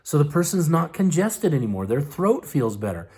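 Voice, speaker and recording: A man's voice: a little high, very animated, normal speed, mellow. A man giving a casual, folksy hands-on health lesson, with lots of fillers and "okay?" check-ins. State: eyes tearing up from ointment vapors. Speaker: herbal health teacher.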